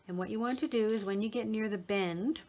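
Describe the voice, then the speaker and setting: A middle-aged woman explaining a sewing project step by step in a relaxed manner, talking while she works with her hands. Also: mid-range voice, brisk, slight background noise. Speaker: sewing tutor. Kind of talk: step-by-step craft tutorial.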